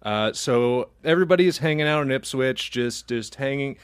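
A man's voice: mid-range voice, lively intonation, moderate pace, smooth. Rambling, laughing podcast man. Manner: rambling storyteller, laughs often, acts out quoted voices. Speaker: podcast co-host. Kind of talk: casual comedic chat.

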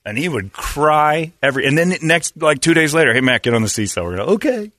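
A middle-aged man from Phoenix, hosting a radio show and telling stories with animated, acted-out voices. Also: fairly high pitch, fast, dry recording, clean studio sound. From Phoenix, Arizona. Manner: animated storyteller, acts out characters in raised voices. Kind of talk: casual morning show banter and storytelling.

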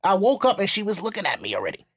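A man from New hosting a podcast, telling a story in animated, profane casual chat. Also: high-pitched, very fast, creaky, husky. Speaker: podcast host.

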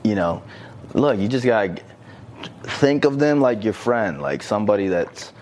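Laid-back, low-voiced rambling man. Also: lively intonation, moderate pace, darkish tone, slight background noise. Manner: rambling and profane, heavy on "like" and "you know what I mean". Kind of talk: casual chat.

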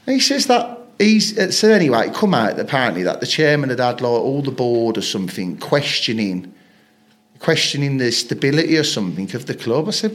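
A man's voice: on the high side, sing-song, normal speed, fairly bright tone. A man, a football player telling rambling stories in a casual interview, swearing freely and acting out what people said. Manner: rambling anecdotes, frequent swearing, acts out quoted lines. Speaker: podcast guest, footballer.

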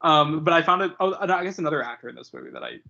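Young man, podcast co-host, raspy, gravelly, rambling and mocking, dull lo-fi recording. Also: fairly high pitch, lively intonation, racing, sharp tone. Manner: rambling, mocking, many fillers, laughs often. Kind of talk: casual chat.

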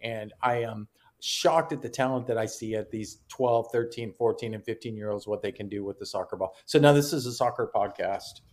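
A middle-aged man, a caddie co-hosting a podcast, telling stories in an excitable, rambling casual chat. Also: fairly low pitch, fairly quick. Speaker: caddie and co-host.

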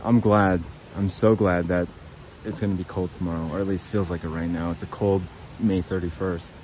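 A man's voice: low-pitched, fairly even intonation, normal speed, darkish tone, a little hiss or hum, low-quality recording. A man hosting his own podcast, rambling and swearing freely in a loose, self-mocking monologue recorded outside by a creek. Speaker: podcast host. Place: outdoors by a creek.

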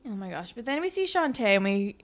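A woman co-hosting a casual podcast, recapping a TV episode in a chatty way with lots of fillers and quick acted-out quotes. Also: medium pitch, very animated. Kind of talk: casual chat.

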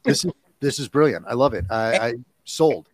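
A man's voice: mid-range voice, animated, normal speed, dry recording. A man who is a voice-actor guest on a podcast, talking casually and agreeing eagerly. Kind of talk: casual chat.

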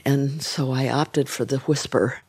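An older woman speaking as an interview guest, reflective and frank, with soft trailing restarts. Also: rumbling low, fairly even intonation, a little slow, slightly rough. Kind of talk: candid interview conversation.

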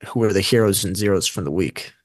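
A man's voice: deep voice, fast talker, no room sound. A man co-hosting a casual investing show, talking in a rambling way and often correcting himself mid-sentence. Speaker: podcast co-host.

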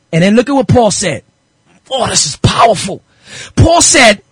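Radio host preacher, male, very high and bright with a husky edge, fervent and repetitive. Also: very animated, moderate pace, long pauses, dry recording, studio quality. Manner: fervent, repeats phrases, rhetorical questions. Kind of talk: impassioned radio sermon.

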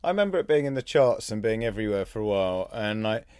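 A man's voice: lowish voice, very animated, fast talker, a little mellow, clear, resonant tone, dry recording, clean studio sound. A man hosting a podcast, teasing his guest playfully and laughing along. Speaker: podcast host. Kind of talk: casual chat.

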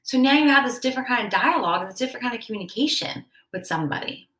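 A woman with a bright, fairly high voice hosts a self-help podcast. She talks casually and slips into quick acted-out snippets of dialogue. The room around her rings with a noticeable echo. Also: animated. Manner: conversational, acts out little quoted dialogues. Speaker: podcast host. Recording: echoey room.

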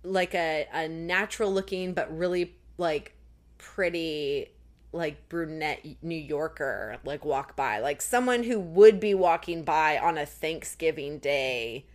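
A woman with a slightly low voice talks through a sitcom episode in loose, casual podcast chat. She fills her sentences with "like" and briefly acts out the characters' lines as she goes. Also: animated, slow pace. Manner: chatty, recounts scenes with lots of "like". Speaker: podcast co-host.

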